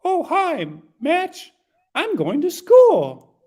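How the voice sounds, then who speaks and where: A man's voice: huge pitch swings, very slow, darkish tone, heavily acted. A man doing a sweet, meek little book-boy. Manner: high, meek, hesitant. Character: sweet, timid boy who is a book, frog-puppet-like voice. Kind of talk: playful read-aloud of a children's book.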